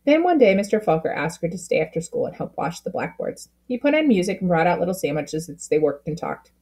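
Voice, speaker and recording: Lady reading a kids' story out loud, husky and kinda low, expressive. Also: brisk. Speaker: storybook reader. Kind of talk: reading a children's book aloud.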